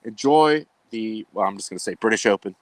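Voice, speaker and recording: A man's voice: on the low side, expressive, a little fast. Laid-back male sports show host. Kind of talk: casual sports chat.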